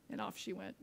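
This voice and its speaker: Slow-speaking woman pastor in a reverberant sanctuary. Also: on the high side. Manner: storytelling with light chuckles. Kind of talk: sermon. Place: church.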